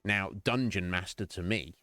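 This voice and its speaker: A man's voice: deep voice, normal speed, pushed and bright, dry recording. A man streaming and chatting casually with his viewers, musing aloud as he answers their questions. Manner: reflective, rambling, answers chat questions.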